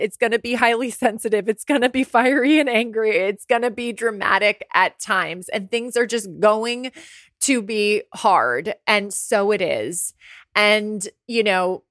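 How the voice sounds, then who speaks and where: A woman's voice: fairly high pitch, measured pace, a bit bright, no echo, clean studio sound. A woman in her forties hosting a podcast, talking candidly and casually, with the odd swear word. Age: 40s. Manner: candid and conversational, swears freely. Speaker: podcast host. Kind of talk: casual solo podcast talk. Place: apartment by the ocean.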